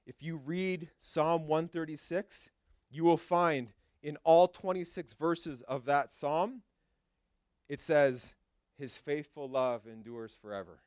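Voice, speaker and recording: A man's voice: a little high, smooth, no echo, clean studio sound. A man preaching a sermon in a church, emphatic and repetitive in short punchy phrases, with conversational, lightly humorous asides. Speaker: pastor. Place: church sanctuary.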